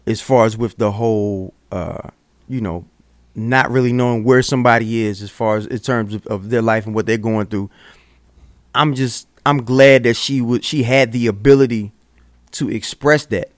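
Earnestly arguing in a casual podcast chat, this co-host keeps stumbling and restarting. He has a mid-range voice with fairly even intonation and a moderate pace, captured in a dry, studio-quality recording.

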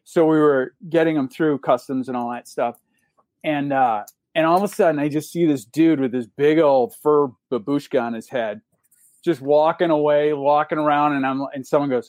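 A man casually telling an animated anecdote on a podcast, acting out the other people in it. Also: on the high side, moderate pace, no echo, studio quality. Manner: animated, acts out voices in anecdotes. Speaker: podcast guest telling a story. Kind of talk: casual storytelling.

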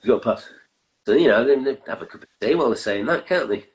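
A man in his fifties from northern England, a guest musician chatting in a relaxed way with dry humour. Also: medium pitch, quick pace, poor audio. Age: 50s. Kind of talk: casual interview chat.

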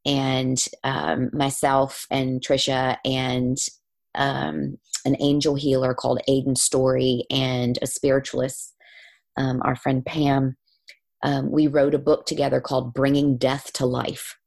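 Low, gravelly woman telling stories. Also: takes it slowly. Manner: animated, acts out quoted voices. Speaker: guest, spiritual healer. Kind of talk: storytelling in conversation.

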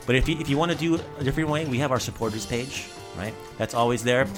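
A man's voice: medium pitch, fast, music in the background. A man hosting a language podcast, chatting casually with jokes and plugging the show. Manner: upbeat, jokey, rambling plugs. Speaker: podcast host.

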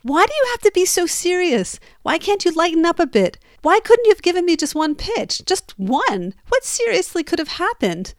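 A woman's voice: very high-pitched, sing-song, moderate pace, few pauses, dry recording, studio quality, voice pushed up, full character voice. A woman voicing her exasperated, hurt husband, firing off pleading, accusing questions.

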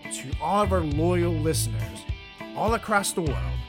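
An exasperated man hosts a comedy podcast, ranting loudly at his guest. His voice sits somewhat high. Clear music plays behind him. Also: big pitch swings, moderate pace. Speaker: podcast host.

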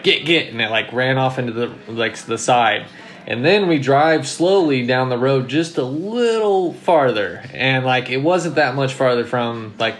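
A young man hosting a casual chat, retelling a ghost hunt with animated energy and jumping high when quoting his own panic. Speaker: podcast host.

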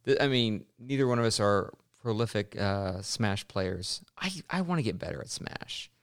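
A man's voice: fairly low pitch, expressive, normal speed, clean tone. Rambling man chatting about games. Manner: rambling, self-correcting, laughs often. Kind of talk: casual gaming chat.

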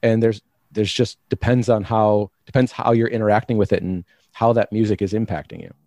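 A man's voice: fairly low pitch, fairly even intonation, fairly quick, dark tone, no room sound. A man being interviewed, explaining his ideas in a reflective, searching way with many restarts. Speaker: guest. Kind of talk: conversational interview.

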